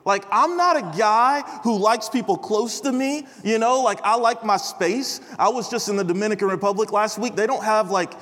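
Young guy preaching in a chapel, high voice, chatty storytelling, lots of dude and bro, big reverberant hall. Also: normal speed, few pauses, a bit bright. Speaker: chapel speaker. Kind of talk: casual storytelling sermon. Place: large chapel before an audience.

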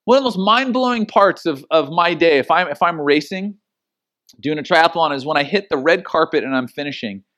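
A middle-aged man preaching a sermon as pastor, telling stories and acting out the quotes with lively energy. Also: fairly high pitch, brisk. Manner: animated storytelling with acted-out quotes.

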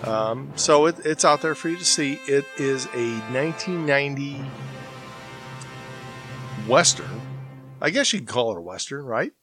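A man's voice: mid-range voice, expressive, a little slow, pauses often. This is a man hosting a casual movie podcast, easygoing and rambling as he chats with friends. His voice sits in a middle range and he laughs easily. Faint music hums underneath. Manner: laid-back, rambling, chuckles often. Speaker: podcast host.

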